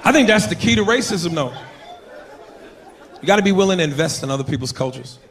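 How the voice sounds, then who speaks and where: Brash profane stand-up comedian. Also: male voice, sits high, expressive, quick pace, fairly bright tone. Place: comedy club stage. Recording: live club with crowd laughter.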